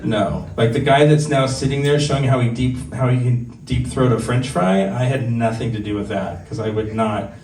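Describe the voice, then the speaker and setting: Heard through a distant mic in an echoey room with faint ambience, a stand-up comedian in his forties works a bar open mic. The Southern California man has a steady, darkish, mid-range voice at normal speed and tells candid stories that poke fun at himself.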